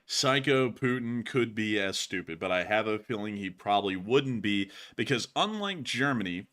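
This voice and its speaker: An excitable male host chatting on a livestream, quick to laugh. His voice is bright and forceful, and his pitch swings widely as he talks. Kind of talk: casual livestream chat.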